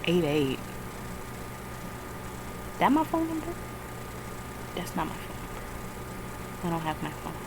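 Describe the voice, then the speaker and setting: A woman's voice: fairly low pitch, very animated, unhurried, long pauses, heavy background noise. A tired woman rambling through a casual screen-recording vlog, swearing often and flaring into frustrated outbursts. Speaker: vlogger.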